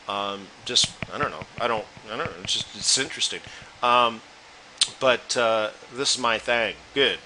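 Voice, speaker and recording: A man's voice: lowish voice, moderate pace, bright, forceful tone, a little hiss or hum, rough recording. A man hosting a live trading webinar, chatting loosely and talking straight to his viewers. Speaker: forex trading room host.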